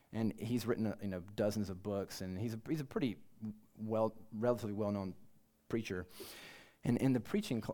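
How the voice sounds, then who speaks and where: A male pastor delivers a casual, conversational sermon to a room of students. He is earnest but informal, and he pokes fun at himself as he goes. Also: lowish voice. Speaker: campus pastor.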